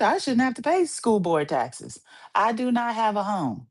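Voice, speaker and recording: A woman's voice: a little high, big pitch swings, a little slow. A woman hosting her podcast in a casual solo monologue, ranting playfully and repeating phrases for emphasis. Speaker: podcast host.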